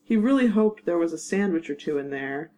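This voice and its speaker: A woman with a fairly low voice narrates a fanfiction audiobook. Her telling is measured and wry, and she keeps an even storyteller's pace. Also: rough recording. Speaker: narrator and producer.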